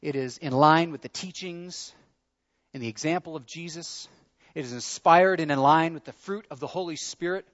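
A man's voice: on the high side, normal speed, fairly bright tone, dull audio. A man preaching a sermon in an earnest, conversational way, leaning into his questions. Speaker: pastor.

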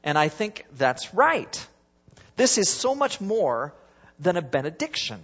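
A middle-aged man preaching a sermon as pastor, with a husky voice and an emphatic style that swings between loud rises and soft drops. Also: high-pitched, very animated, unhurried. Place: church sanctuary. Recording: dull sound with long church reverb.

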